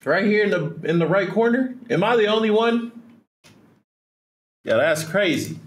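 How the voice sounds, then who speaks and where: A man's voice: high voice, expressive, unhurried. A man hosting a reaction video, talking casually with slang and frequent laughter.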